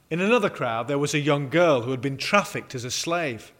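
A man preaching, opening with a prayer and reading a story aloud, slowing down on key words. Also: on the high side, lively intonation, a bit bright. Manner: measured, slows on key words.

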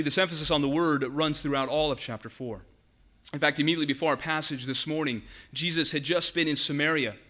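A man preaching a sermon to his congregation, earnest and emphatic, slowing down and dropping his voice on the words he wants to stress. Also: on the high side. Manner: earnest, emphatic, slows and drops to a hush for key words. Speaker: pastor.

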